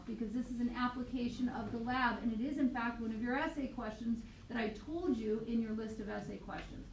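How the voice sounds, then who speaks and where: A woman biology teacher lecturing a class, quizzing students with quick questions, recorded on a tablet mic across the classroom. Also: on the high side. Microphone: tablet mic from across the room. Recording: echoey classroom, distant mic, faint noise.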